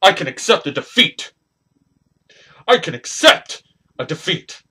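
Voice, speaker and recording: A man with a high, bright, husky voice delivers a ranting wrestling promo. His pitch leaps all over the place and he talks slowly, swinging from shouted bursts to low mutters. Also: sing-song. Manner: angry ranting, swinging between loud bursts and quiet mutters. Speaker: hobby online wrestling performer.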